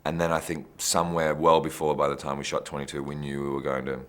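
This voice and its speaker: A man's voice: very deep voice, completely flat delivery, fast, fairly bright tone. A man, an actor telling behind-the-scenes stories in a chatty, rambling way. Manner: chatty, anecdotal, restarts phrases. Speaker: actor interviewee.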